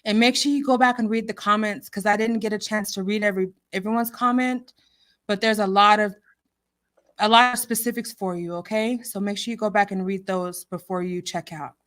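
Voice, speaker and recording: A woman's voice: mid-range voice, steady tone, a little fast, fairly bright tone. A woman hosting a casual livestream chat, laughing often and reading out viewer comments with lots of emotion. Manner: reads out viewer comments and names. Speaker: livestream host.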